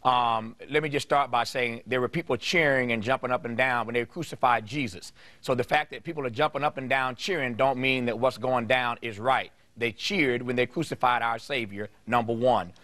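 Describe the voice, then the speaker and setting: A man hosting a TV interview, pressing his guest with forceful rhetorical questions. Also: medium pitch, fairly even intonation, moderate pace, hardly any pauses. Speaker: TV talk show host.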